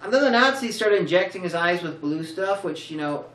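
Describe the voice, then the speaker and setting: A woman's voice: on the low side, expressive, brisk, a bit bright. A woman co-hosting a casual film review, tired and rambling through sarcastic, jokey riffs with plenty of restarts. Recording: roomy, distant mic.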